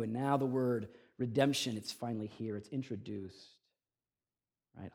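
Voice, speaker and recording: A man preaching a sermon, his voice swelling loud on key phrases and dropping soft between them. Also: mid-range voice, moderate pace, slightly rough. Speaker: pastor.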